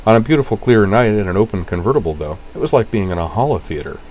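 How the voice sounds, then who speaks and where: A male narrator reads a novel aloud with a steady, descriptive delivery. His voice sits on the low side. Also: fast talker, a little hiss or hum, poor audio. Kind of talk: audiobook narration.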